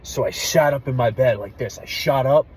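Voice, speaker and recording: A young man, an army veteran, telling a story casually and candidly, with plenty of swearing and a hushed drop in voice at the tense parts. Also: medium pitch, moderate pace, slightly rough, poor audio. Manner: candid, profane, drops to a hush for tense moments.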